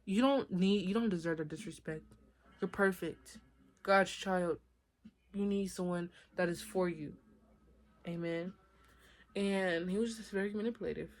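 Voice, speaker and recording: A woman's voice: on the low side, a little slow, pauses often. A young woman telling her own story to her viewers in a casual, chatty storytime vlog, often talking to them directly. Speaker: vlogger.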